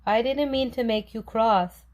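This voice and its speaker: Woman doing a playful little fox girl, high squeaky storybook voice, loud and bouncy. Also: measured pace, muffled recording, close to an everyday voice. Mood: sad. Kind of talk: storybook read-aloud.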